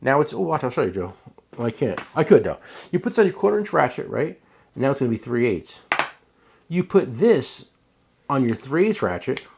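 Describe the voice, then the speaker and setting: A man's voice: mid-range voice, sing-song, normal speed, creaky, long pauses, darkish tone, slight background noise. A man with a New Jersey accent hosting a casual tool show, rambling and joking with his cohost. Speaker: tool shop owner and show host. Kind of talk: casual product chat.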